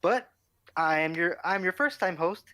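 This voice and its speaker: A man hosting a casual gaming podcast, relaxed and self-deprecating as he brings in his guests. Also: sits high, normal speed, no room sound. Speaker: podcast host.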